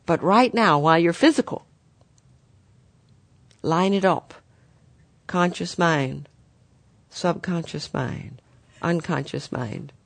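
Gentle spiritual teacher, dry close sound. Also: mid-range voice, slow, creaky, pauses often, no echo. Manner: gentle, guiding, addresses listeners as "dear ones".

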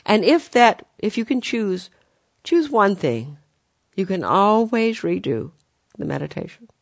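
Spiritual teacher, gentle guiding delivery, mid-pitched voice, dry and close recording. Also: big pitch swings, unhurried, creaky, no echo. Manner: gentle, guiding, addresses listeners as "dear ones".

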